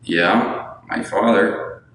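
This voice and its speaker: A man's voice: on the low side, extremely slow, a bit bright. A man chatting casually on a livestream, rambling and answering viewers, often tacking on "you know what I'm saying". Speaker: livestreamer asking viewers for money. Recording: echoey room with faint background noise.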